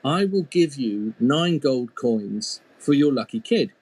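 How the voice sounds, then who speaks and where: A man voicing a scheming fairy-tale king who talks smoothly and persuasively. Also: medium pitch, lively intonation, slow, a little mellow, no echo.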